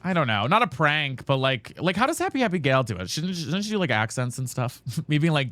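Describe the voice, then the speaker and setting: A man's voice: a little high, big pitch swings, fairly quick, fairly bright tone, no room sound, studio quality. A man streaming a game live, chatting casually with viewers, swearing and repeatedly asking teammates if they have mics. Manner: chatty, swears, calls the audience girl and guys. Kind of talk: casual live-stream chat while gaming.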